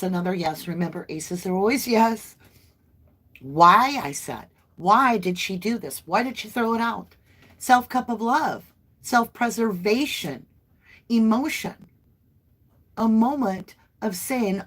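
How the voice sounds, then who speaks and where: A woman's voice: mid-range voice, expressive, slow pace, husky. A woman, hosting a casual livestream tarot reading in a chatty, folksy way and addressing viewers as y'all. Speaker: tarot reader livestream host.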